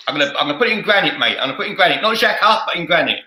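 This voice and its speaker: Boisterous fan show host. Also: male voice, a little high, bright, forceful tone, reverberant, low-quality recording. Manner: boisterous, repetitive, laughs a lot. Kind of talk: heated fan podcast debate.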